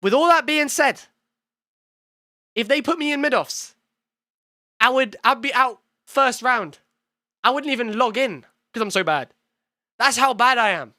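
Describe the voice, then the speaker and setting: An excitable young man with a high, bright voice rambles through his own video on stream, swearing and breaking into quick bursts. The mic sound is close and dry, with no room echo. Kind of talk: casual reaction commentary.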